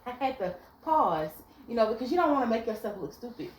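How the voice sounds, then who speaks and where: A woman's voice: fairly high pitch, fast, hardly any pauses, slight background noise. A young woman giving blunt relationship advice in a casual vlog, telling stories animatedly and cursing freely. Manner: blunt, animated storytelling with profanity. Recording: echoey room with faint ambience.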